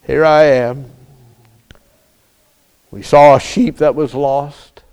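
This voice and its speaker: A man delivers a sermon in a smooth, resonant voice. He preaches at an unhurried, deliberate pace and stretches out his phrases. He presses his listeners with repeated rhetorical questions. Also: on the high side, steady tone, a little mellow. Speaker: pastor.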